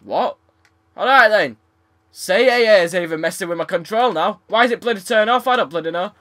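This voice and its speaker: A man's voice: high-pitched, brisk, fairly bright tone. A young man commentating his tennis game, frustrated, swearing and sarcastic. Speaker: gaming YouTuber. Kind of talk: let's play commentary.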